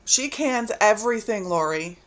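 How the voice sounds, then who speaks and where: A woman's voice: mid-range voice, expressive, moderate pace, a bit bright. A woman hosting a casual sewing livestream from home, chatting and reading viewer comments while she stitches. She is easily distracted and laughs at herself. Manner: reads viewer comments aloud. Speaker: quilting livestream host.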